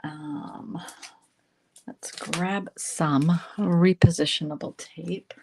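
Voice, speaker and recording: A woman with a slightly low voice hosts a relaxed crafting livestream. She chats steadily as she works, drifting into quiet murmured asides, with a faint hiss and small clicks behind her. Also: very slow, gravelly. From Canada. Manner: chatty, talks while working, drifts into soft murmured asides. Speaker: craft instructor and livestream host. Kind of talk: casual livestream crafting tutorial.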